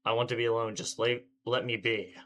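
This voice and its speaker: A man's voice: medium pitch, fairly even intonation, brisk, a bit bright, a little hiss or hum, natural voice. A man reading as Shiki, an irritable teenage boy. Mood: confused. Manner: brooding first-person reading, grumbling. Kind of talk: reading a visual novel aloud.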